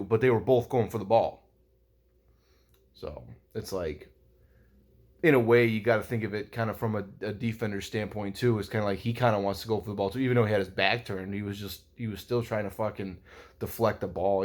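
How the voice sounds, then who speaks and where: A man's voice: lowish voice, darkish tone. A young man recapping a football game in a rambling, casual vlog, swearing a lot and using many fillers. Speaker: sports vlogger.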